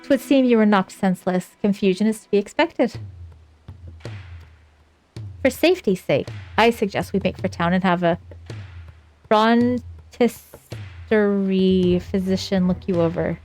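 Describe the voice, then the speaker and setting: A woman's voice: medium pitch, a little slow, long pauses, a little mellow, faint music behind, natural voice. A woman reading out a polite wandering minstrel's game lines in her own voice, with formal, old-fashioned phrasing. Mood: courteous. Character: mysterious polite wandering minstrel, archaic speech.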